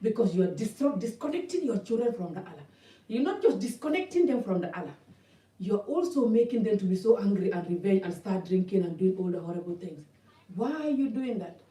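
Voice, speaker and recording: A woman's voice: medium pitch, animated, fairly quick, warm tone. Woman vlogger, blunt and impassioned, rambling talk to camera, set back from the mic. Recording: echoey room, mic at a distance.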